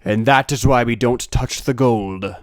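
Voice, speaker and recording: A man voicing a stern male pirate captain who gives gruff, clipped orders in a tabletop game. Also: medium pitch, a little slow, dry recording, lightly acted.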